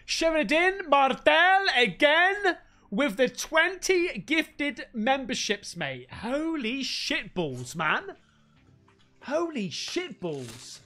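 Guy streamer, lively up-and-down delivery, excitable and sweary, faint music underneath. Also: very high-pitched. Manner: excitable, sweary, calls everyone mate. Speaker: livestreamer. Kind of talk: live stream, thanking donors and unboxing gifts.

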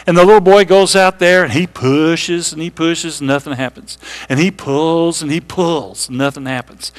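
A man preaching a sermon to his congregation in a church, talking to them directly, asking them questions and slowing down to read scripture. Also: a little high, fairly bright tone. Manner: conversational preaching, reads scripture slowly, asks congregation questions. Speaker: pastor. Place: church sanctuary.

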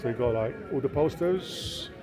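A man strolls a crowded open-air market for his casual walking vlog, addressing the camera and chatting with vendors in halting Spanish. His medium-pitched voice has lively intonation at a moderate pace, with music, crowd noise, and traffic audible behind him.

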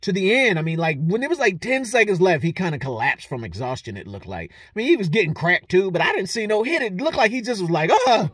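A man giving a casual, animated fight breakdown, swearing freely and laughing often. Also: high-pitched, fast talker, few pauses, breathy edge, no echo, clean studio sound. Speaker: fight analyst vlogger.

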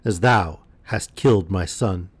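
A man reading aloud, voicing a huge, furious male genie with slow, solemn threats. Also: low-pitched, slightly rough. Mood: menacing.

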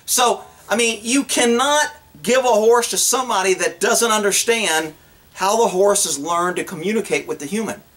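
A man with a high-pitched voice talks in a plainspoken, casual way. He gives blunt advice and tells stories as he goes. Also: moderate pace, fairly bright tone. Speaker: horse trainer.

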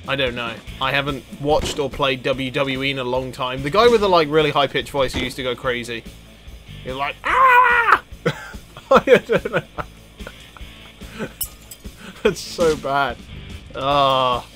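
A young man talks through his game at an easy, unhurried pace, his voice bright and forceful. He swears freely and jumps into sudden high-pitched yelps and laughs when something happens on screen. Faint game music plays under him. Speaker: let's play gamer. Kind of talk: gameplay commentary.

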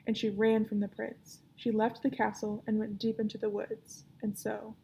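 A woman librarian reading a children's novel aloud with clear, expressive storytelling. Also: mid-range voice, normal speed.

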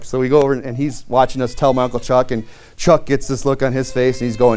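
A man's voice: mid-range voice, little pitch movement, fast, darkish tone, faint music behind. A man preaching a sermon through a long personal story, loose and conversational, with many fillers, restarts and wry self-mocking humor.

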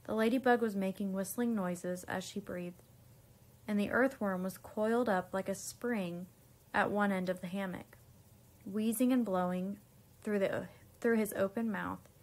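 A woman, a teacher, reading a children's storybook aloud in an unhurried way, with small slips and restarts. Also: mid-range voice, steady tone.

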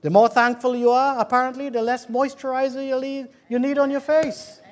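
A man with a British accent preaching a lively sermon in church, calling out to the congregation and joking with them. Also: very high-pitched, brisk. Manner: fervent, calls out to the congregation and jokes. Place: church hall.

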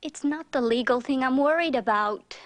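A high-voiced gangster's wife, played by a woman, pleads with her husband in earnest. She speaks in a 1970s crime film scene. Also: normal speed, natural voice. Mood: pleading.

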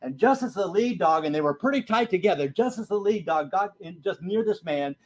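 A fairly high-pitched man preaches a sermon in a church, spinning a story for the congregation. He pushes some lines out loud and drops to a near hush on others, always animated. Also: brisk, hardly any pauses. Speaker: pastor. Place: church sanctuary.

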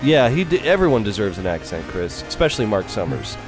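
A young man co-hosting a casual let's play, excitable and swearing a lot. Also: lowish voice, fairly quick. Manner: excitable, swears a lot, shouts when winning. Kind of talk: casual gaming chat. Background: faint game music.

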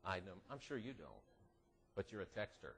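A man giving a youth devotional at church in an animated, joking way, teasing the teenagers in front of him. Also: lowish voice, moderate pace. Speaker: youth minister. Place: church classroom.

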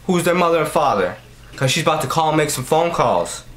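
A man's voice: a little high, big pitch swings, fairly quick, a bit bright. Man ranting in a profane comedy vlog. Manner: profane, repetitive, rambling. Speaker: vlog host. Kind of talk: comedy rant to camera.

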